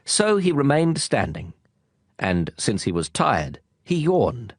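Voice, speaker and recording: A man reading an audiobook in a calm, storytelling manner. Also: low voice, a little slow, husky, dry recording, clean studio sound. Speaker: audiobook narrator.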